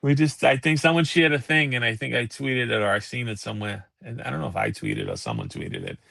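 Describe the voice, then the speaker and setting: A man's voice: mid-range voice, big pitch swings, quick pace, gravelly, bright, forceful tone, no echo. A man hosting a live talk show, ranting in heated, profane casual chat. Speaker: podcast host.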